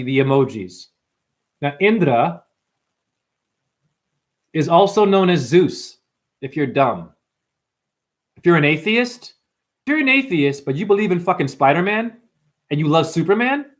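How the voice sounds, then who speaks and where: Brash, profane male livestream host with a slightly high voice. He rambles, addresses his chat as "honey". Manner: profane, brash, calls viewers honey and dumbass; jumps between topics, quick asides.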